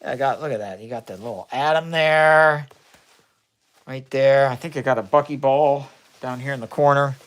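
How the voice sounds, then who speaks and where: A Midwestern man with a mid-range, slightly bright voice speaks at normal speed. He is hosting a casual science live stream from an indoor home chemistry lab, talking in a friendly, rambling way and answering viewers' chat comments. His microphone is a phone camera, flipped around during the stream.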